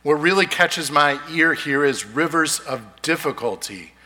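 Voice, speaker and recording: A man preaching a sermon to his congregation in a church, earnest and slowing down to stress key lines. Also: fairly high pitch, lively intonation, sharp tone. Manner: earnest, slows down for emphasis. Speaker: pastor. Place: church sanctuary. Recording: long reverb of a church hall.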